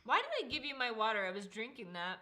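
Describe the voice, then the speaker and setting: A woman's voice: fairly high pitch, huge pitch swings, fast talker, bright, forceful tone, a little hiss or hum. A woman co-hosting a casual book livestream from home, teasing and laughing as she chats. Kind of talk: casual chat.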